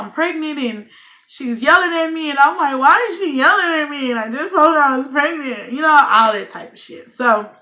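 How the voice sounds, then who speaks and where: A young woman vlogger with a mid-range, sharp voice tells a personal storytime monologue straight to her viewers. She's candid and swears freely.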